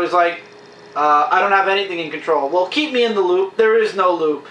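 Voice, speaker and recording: A man chatting casually as a comic book reviewer, enthusiastic and acting out characters' lines in quick quotes. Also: sits high, fairly bright tone, far from the mic. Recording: echoey room, faint hiss.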